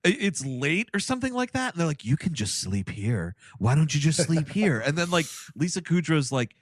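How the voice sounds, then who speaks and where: A man's voice: a little high, moderate pace, no room sound, studio quality. A man co-hosting a comedy podcast, casually joking about a film and acting out its lines in mock voices. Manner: animated, mock-quoting characters in silly voices. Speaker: podcast co-host. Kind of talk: casual comedic movie-review chat.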